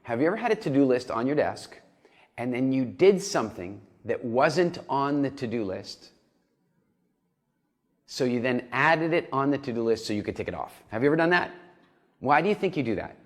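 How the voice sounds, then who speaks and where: An animated man coaching a nutrition program in a recorded lesson. His voice sits in an ordinary middle pitch for a man. He acts out small inner dialogues as he explains. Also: normal speed.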